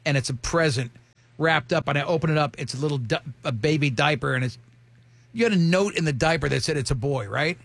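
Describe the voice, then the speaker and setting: A man in his fifties tells rambling, animated stories about his long marriage. His voice sits a little high with a gravelly edge. The sound is close and dry. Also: brisk, no room sound. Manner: rambling, animated storyteller with many restarts. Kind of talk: casual chat.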